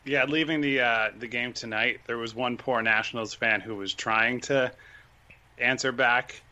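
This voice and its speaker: A man's voice: mid-range voice, steady tone, measured pace, bright, forceful tone, highs cut off. A man chatting casually as a guest on a podcast, rambling with fillers and restarts. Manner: chatty, self-deprecating, many fillers and restarts.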